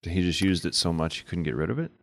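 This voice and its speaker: A man's voice: sits low, fast, vocal fry, no room sound. A man co-hosting a casual faith podcast, chatty and affirming, thinking aloud with frequent restarts. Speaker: podcast co-host.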